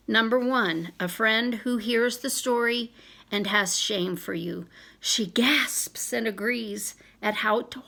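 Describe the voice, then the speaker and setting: A woman's voice: medium pitch, vocal fry, sharp tone. A woman vlogger reading a self-help passage aloud in an earnest way, briefly voicing the friends she quotes. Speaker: business vlogger.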